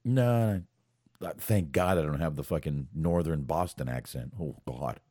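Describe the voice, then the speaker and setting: A man's voice: a bass voice, a little slow, warm tone, no room sound, studio quality. A man co-hosting a casual chat show, talking loosely with frequent swearing and repeated words. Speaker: podcast co-host.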